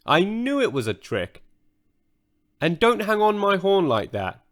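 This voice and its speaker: A preening, self-admiring unicorn from a children's storybook, put on by a male narrator. The voice sits high and swoops with lively pitch as it boasts and sulks, slow and drawn out in its airs. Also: exaggerated voice. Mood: sulky boastful. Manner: haughty, sulky, self-admiring. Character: vain, pompous male talking unicorn.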